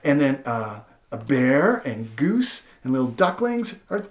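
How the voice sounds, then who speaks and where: A man demonstrating how to read a picture book aloud to a child, playful and animated, asking many questions and gasping and laughing in surprise. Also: medium pitch, slow pace. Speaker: literacy educator. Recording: roomy echo.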